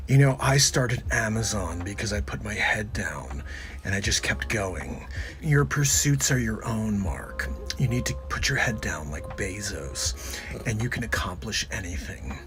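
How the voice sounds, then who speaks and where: A man doing a slow, self-assured mogul. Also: on the low side, a bit bright. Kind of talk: comedic celebrity impression.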